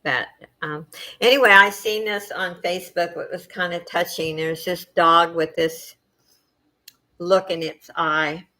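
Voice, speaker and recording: A middle-aged woman hosting a casual chat with her viewers, soft-spoken and emotional, wandering from thought to thought with many fillers. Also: on the low side, steady tone, unhurried. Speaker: channel host chatting with viewers.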